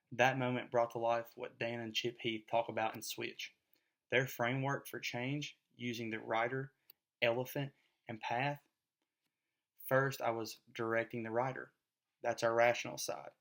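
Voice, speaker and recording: A man presenting a class assignment as a parent, in a scripted first-person talk, earnest and measured. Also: medium pitch, level tone, a bit bright.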